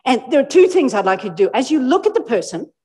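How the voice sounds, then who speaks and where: An Australian woman giving a lively motivational talk to a live audience, playfully acting out people's inner voices. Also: sits high, quick pace. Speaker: motivational speaker. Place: large hall with live audience. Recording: echoey hall with long reverb.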